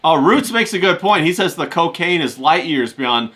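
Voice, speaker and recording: Lively, bright American man. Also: fairly high pitch, moderate pace. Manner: laid-back, lots of uh and laughs. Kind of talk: casual banter.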